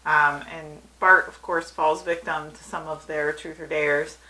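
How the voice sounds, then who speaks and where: Bright-voiced woman co-hosting a podcast. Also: low voice, a little slow, low-quality recording. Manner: animated retelling, acting out quoted lines. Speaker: podcast co-host. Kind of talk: casual episode review chat.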